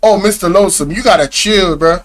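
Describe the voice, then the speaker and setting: A man with a high, brisk voice hosts a reaction video, exclaiming in disbelief and laughing often. He addresses his viewers directly in heavy casual slang.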